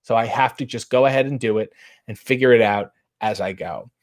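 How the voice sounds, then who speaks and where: A man in his thirties, hosting a casual chat and reading out viewer comments with wry, animated delivery. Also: medium pitch, brisk. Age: 30s. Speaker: host.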